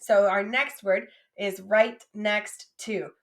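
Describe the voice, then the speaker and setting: A woman teaching French vocabulary, modeling each word slowly and clearly, repeating it for students to say after her. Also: medium pitch, a bit bright.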